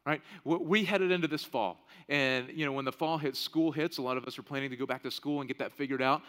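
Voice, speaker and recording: A man's voice: mid-range voice, fast talker, fairly bright tone, clean tone. A man in his thirties preaching a sermon in a conversational way, often checking in with "right?". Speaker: pastor. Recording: long reverb of a large hall.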